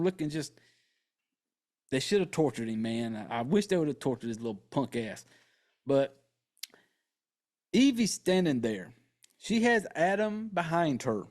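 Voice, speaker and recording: A podcast host with a voice on the high side and a darkish tone casually recounts the plot of a horror movie. He swears freely and tosses in joking asides.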